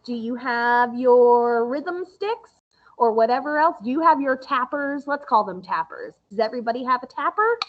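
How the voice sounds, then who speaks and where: A woman music teacher giving a recorded lesson to young children, explaining slowly and patiently in a sing-song way. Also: on the high side, animated, highs cut off.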